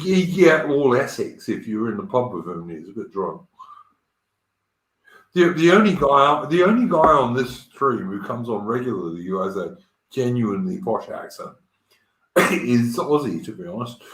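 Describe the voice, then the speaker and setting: A man's voice: mid-range voice, big pitch swings, moderate pace, fairly bright tone, roomy sound, poor audio. A man hosting a live stream in casual chat, talking bluntly and crudely and swearing freely. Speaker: stream host. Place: home in Australia.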